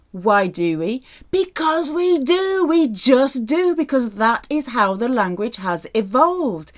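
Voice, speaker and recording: A woman teaches a language lesson with a playful, animated delivery. Her voice sits in a middle register and leaps up and down for emphasis, bright and expressive as she explains phrases. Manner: playful, animated teaching with wide pitch swings. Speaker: French teacher.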